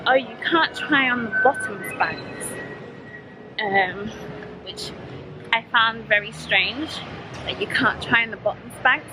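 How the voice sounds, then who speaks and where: A young woman from Yorkshire with a Yorkshire accent tells a shopping story in a casual vlog, blunt and animated, acting out both sides of the exchange. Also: mid-range voice, noisy background. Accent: Yorkshire English. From Yorkshire, England. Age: young adult. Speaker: vlogger.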